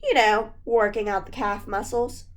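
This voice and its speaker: A woman's voice: mid-range voice, fairly even intonation, normal speed, close to an everyday voice. A woman voicing a boastful, joking schoolboy who teases his friend while she reads a children's book aloud. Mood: teasing. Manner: teasing, boastful.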